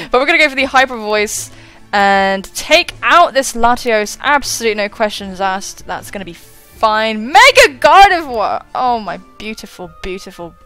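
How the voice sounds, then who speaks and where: Woman streamer in her twenties, casual and chatty, average pitch, faint background music. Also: fairly bright tone. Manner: chatty, self-mocking, swears and laughs often. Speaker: gaming YouTuber. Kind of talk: casual battle commentary.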